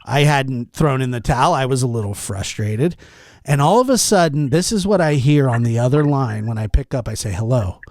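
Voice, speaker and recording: A young man hosting a podcast, telling a story in a casual, animated and exasperated way, acting out what others said. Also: mid-range voice, fairly quick, dry recording. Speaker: podcast host.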